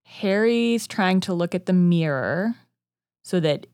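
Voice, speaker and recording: A woman co-hosting a casual podcast, talking in quick chatty bursts full of "like". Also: on the low side, expressive, a little mellow, smooth, no echo, studio quality. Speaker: podcast co-host, first-time reader.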